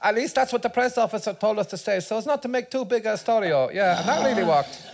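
A woman's voice: on the high side, expressive, fast talker, vocal fry, darkish tone. A woman voicing a mock Italian football manager in a live comedy sketch, laughing through her lines in a put-on Italian accent.

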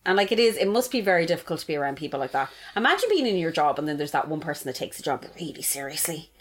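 A woman's voice: deep voice, big pitch swings, racing. A woman co-hosting a podcast, blunt and sweary in casual banter. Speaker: podcast co-host.

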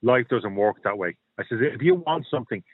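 A man's voice: medium pitch, animated, a little fast, breathy edge, no room sound. A middle-aged man, telling blunt stories and opinions as a caller on a radio show. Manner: blunt, storytelling, repeats himself. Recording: tinny phone line.

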